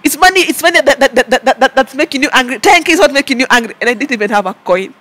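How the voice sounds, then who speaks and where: A woman with a Kenyan accent, recounting her story to an interviewer in a lively way, with many stammered repeats and mixing in Swahili. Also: high-pitched, very fast. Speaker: interview guest.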